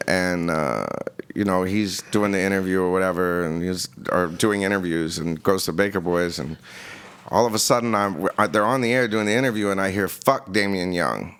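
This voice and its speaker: A man's voice: low-pitched, fairly even intonation, normal speed, fairly bright tone, smooth. A man and former radio program director, telling a story bluntly and casually with lots of swearing, acting out the dialogue. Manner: blunt, profane, acts out dialogue.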